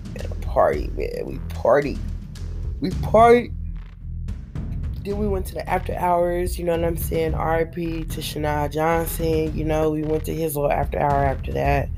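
A woman vlogger, hoarse and worn out after being sick, tells a rambling, profane story to her viewers with lots of fillers. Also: deep voice, animated, moderate pace, music in the background. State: tired and hoarse after a week of illness.

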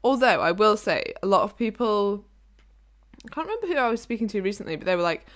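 A woman's voice: mid-range voice, very animated. A woman with an English accent, co-hosting a podcast in easygoing, chatty conversation. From England. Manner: easygoing, chatty, quick to laugh. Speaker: podcast co-host. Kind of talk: casual chat.

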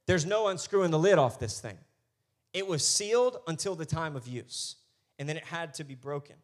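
Young man, pastor, slightly high voice, animated sermon delivery, hushed to loud. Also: normal speed.

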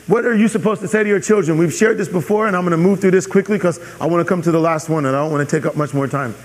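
A man preaches a sermon, pressing his points home by repeating them and checking in with the congregation. His voice sits high for a man. The sound carries the long echo of a large hall. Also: racing. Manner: emphatic, repeats key phrases, asks audience "are you with me". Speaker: pastor.

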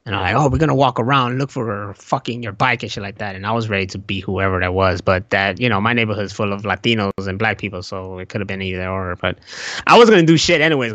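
A young man co-hosting a casual podcast chat, excitable and swearing, with frequent restarts. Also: fast, no echo. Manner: excitable, swearing, jumps into high put-on voices when quoting. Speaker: podcast co-host.

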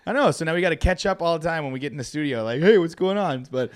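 A man hosting a podcast in a studio, telling stories in an animated, casual way and laughing often. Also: a little high, very fast, smooth. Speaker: podcast host. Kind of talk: casual chat.

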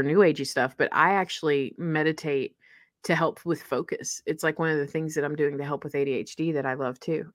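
Lively woman podcast host, dry sound. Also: low-pitched, no room sound. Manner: animated, laughs often, acts out quoted voices. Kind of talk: casual chat.

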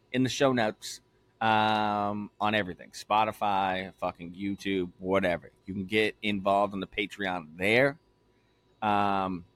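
A man's voice: lowish voice, a bit bright, no echo. A young man co-hosting a casual podcast, loose, joking and swearing freely. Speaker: podcast co-host.

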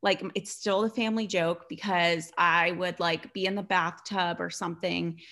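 A young woman with a fairly low voice hosts a casual podcast chat. She tells her stories in an animated, rambling way, full of fillers. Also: normal speed. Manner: chatty, animated storytelling with many fillers. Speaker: podcast host.

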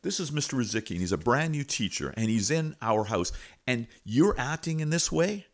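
A man's voice: mid-range voice, sing-song, normal speed, pitched above the performer's own voice. A man voicing a petite older woman principal who scolds fighting students in a stern, commanding way. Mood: scolding.

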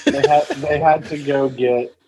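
A man's voice: mid-range voice, fairly even intonation, unhurried, crowd noise, rough recording. A man co-hosting a casual livestream chat, tossing in dry, wry remarks.

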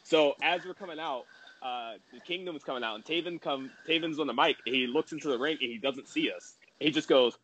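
A man's voice: mid-range voice, fairly bright tone, dull audio. A man telling a story as a wrestler guest on a podcast, casual and rambling, with lots of "like" fillers. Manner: fast, filler-heavy and rambling with many "like"s.

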